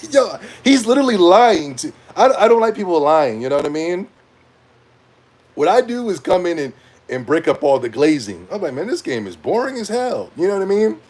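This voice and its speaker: A young man in a casual rant to camera as a gaming commentator, animated and rambling, with slang and frequent laughs. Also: sits high, moderate pace.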